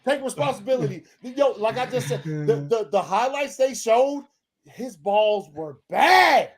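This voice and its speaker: A very high, husky male voice swings widely in pitch and moves at a leisurely pace. The speaker is a sports podcast co-host in the middle of a casual rant, heated and profane, with frequent stammered restarts.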